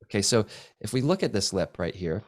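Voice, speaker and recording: Brief: deep male voice, casual and meandering presenter, lots of restarts. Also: very animated, a little fast, slight background noise. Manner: rambling, restarts often, soft-spoken asides. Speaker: photographer presenting his work. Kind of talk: casual talk with slides. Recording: dry event space with live video call.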